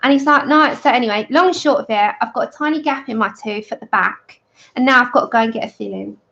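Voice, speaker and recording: A woman's voice: on the high side, fast, gravelly, fairly bright tone, lo-fi sound. A woman, chatting casually as she colours on a livestream, laughing often and acting out a story. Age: 30s. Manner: chatty, laughs often, acts out her own story in quoted voices.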